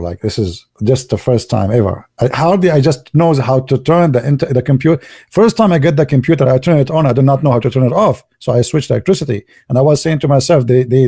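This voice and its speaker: A man whose first language is Arabic, telling stories casually in broken English, excitable and laughing at his own jokes. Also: mid-range voice, breathy edge. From Arab world. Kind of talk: casual storytelling monologue.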